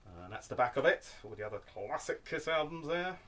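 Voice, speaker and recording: A man's voice: mid-range voice, sing-song, fairly quick, a bit bright. A man showing his record collection in a casual vlog, rambling with wry asides and tagging his points with "okay?". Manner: rambling, tags lines with "okay?"; wry, self-deprecating asides. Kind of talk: casual show-and-tell vlog.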